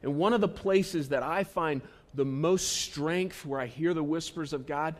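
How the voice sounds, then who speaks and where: A man preaching a sermon to his church, earnest and repetitive, swinging between emphatic and hushed delivery. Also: on the high side, unhurried. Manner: earnest, repetitive, stresses key phrases, shifts between loud and hushed. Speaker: pastor. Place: church auditorium.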